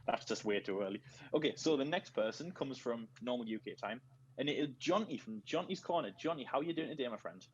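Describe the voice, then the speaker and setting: A man's voice: mid-range voice, expressive, fast, muffled recording, a little hiss or hum. A man with a Northeast English accent hosting a casual group video call, joking and rambling through introductions. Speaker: host.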